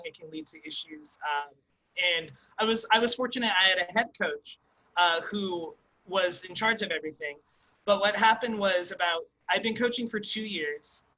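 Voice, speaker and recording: Young guy guest on a podcast, high bright voice, rambling animated stories, lots of likes. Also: poor audio. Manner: animated, fast storyteller full of likes and ums. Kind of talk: casual storytelling interview.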